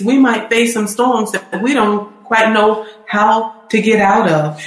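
A woman's voice: a little high, slow. Fervent woman preacher, echoey room. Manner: fervent, building in emphatic repetition. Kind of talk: sermon. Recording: roomy echo.

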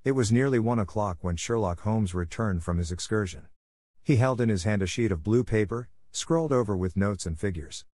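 A man reading a classic detective story aloud as narrator, in a measured storytelling manner. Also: on the low side, darkish tone, dry recording, studio quality. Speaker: audiobook narrator. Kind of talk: scripted narration.

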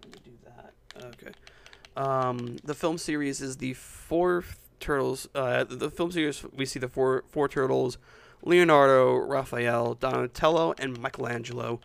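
Tired guy in his 20s, stammers a lot, kinda gravelly, dry sound. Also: mid-range voice, unhurried, dry recording. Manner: stammering, laughs often. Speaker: podcast co-host. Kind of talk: casual chat.

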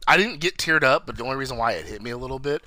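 A man's voice: mid-range voice, animated, rapid-fire, pushed and bright, no echo. A man chatting casually about a movie, crude and profane, acting out lines from scenes. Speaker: podcast co-host. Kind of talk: casual movie review chat.

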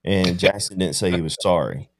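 Man, very deep voice, casual podcast talk, reflective storyteller, checks in with listener. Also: normal speed. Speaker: podcast guest or co-host.

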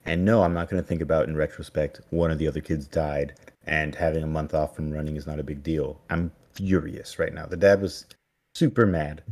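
A man's voice: rumbling low, level tone, brisk, darkish tone. A man co-hosting a podcast, casually recapping an episode and animatedly acting out the characters' lines. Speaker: podcast co-host.

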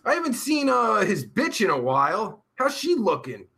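A man's voice: sits high, huge pitch swings, moderate pace, bright, forceful tone. A man hosting a live show, reading chat messages aloud and answering them in a rambling, vulgar, easily riled way. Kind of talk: crude casual live-stream chat.

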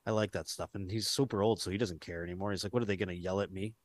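A man's voice: low voice, steady tone, racing. A man co-hosting a podcast in loose, profane, rambling casual chat, often acting out quotes. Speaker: podcast co-host.

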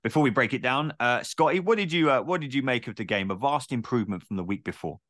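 A man's voice: medium pitch, expressive, fast, a bit bright, dry recording, clean studio sound. A man hosting a casual sports podcast, chatty and swearing casually, with many filler words. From Britain. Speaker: podcast host.

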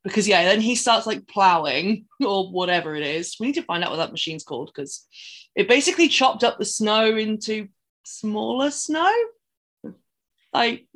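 Her mid-range voice is expressive and a bit bright, and she talks at a moderate pace. As a podcast co-host in a casual film recap chat, she rambles through film scenes and acts out what the characters say.

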